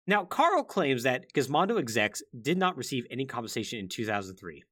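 A man's voice: mid-range voice, very animated, brisk, a bit bright. A man hosting a podcast, telling gaming history in a chatty way full of "like" and wry asides. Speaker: podcast host. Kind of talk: casual gaming-history chat.

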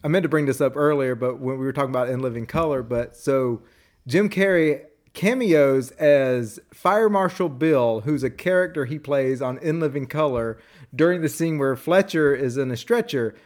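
A man's voice: medium pitch, normal speed. A man co-hosting a podcast, chatting casually about a movie, often laughing and reciting quotes. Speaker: podcast co-host.

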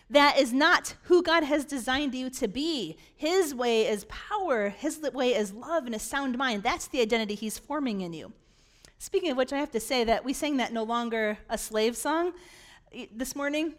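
High-voiced woman pastor preaching. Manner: animated preaching that acts out dialogue. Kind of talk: sermon.

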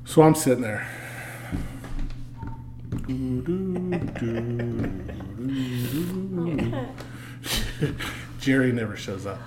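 A man guest on a podcast, telling a story in a casual, animated way and swearing freely. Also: medium pitch, drawn-out words, long pauses, noisy background.

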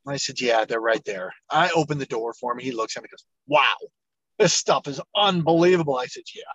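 A middle-aged man, an entrepreneur guest on an interview show, telling his story with lively acted-out dialogue. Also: mid-range voice, fairly quick, dry recording, highs cut off. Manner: animated storyteller, acts out quoted dialogue.

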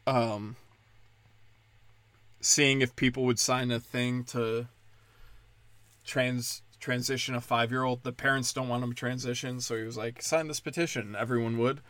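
A man's voice: medium pitch, a bit bright, no echo. Male podcast host, mid-range voice, profane and sarcastic, loose rambling delivery, dry close sound. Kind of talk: casual rambling monologue.

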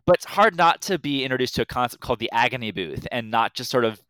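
Smooth-voiced man in rambling chat. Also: mid-range voice, lively intonation, quick pace, fairly bright tone, no room sound. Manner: rambling, many fillers and restarts. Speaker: podcast co-host. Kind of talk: casual chat.

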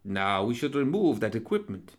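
A man voicing a genteel, pompous male professor who teaches undeath and operates as a surgeon, speaking in a courtly, excitable manner. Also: mid-range voice, moderate pace. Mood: relishing. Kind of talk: audiobook character reading.

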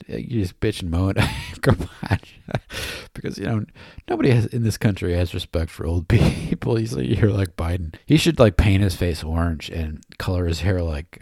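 Male podcast host, low husky voice, rambling comic delivery, laughs a lot, dry close sound. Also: warm tone, dry recording. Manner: rambling, joking, laughs often, many fillers. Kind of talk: casual rambling commentary.

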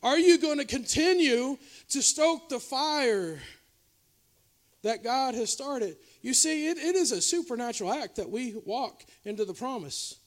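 A man preaching a revival sermon as a pastor, swinging between loud exhortation and quiet, confessional asides to the congregation. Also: expressive, measured pace. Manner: preaching with shifting loudness, from shouting highs to quiet confessional lows. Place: church revival service.

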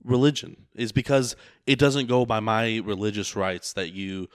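A man's voice: on the low side, moderate pace, clean tone, dry recording, studio quality. A man in casual chat who tells long rambling stories and swears a lot. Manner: rambling storyteller, heavy swearing.

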